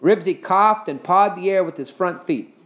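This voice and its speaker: A man narrating a children's storybook in an animated, expressive reading style. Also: high-pitched, moderate pace, muffled recording. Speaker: audiobook reader.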